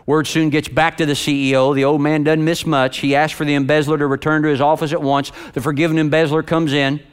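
A male preacher delivers a sermon in a smooth, resonant voice, pitched slightly high. He swings between loud, ringing emphasis and low, hushed passages.

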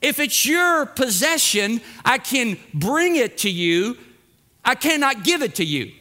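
A man's voice: very high voice, sing-song, measured pace, pushed and bright. A middle-aged man preaching a sermon as pastor, emphatic and repeating phrases for effect, acting out small dialogues.

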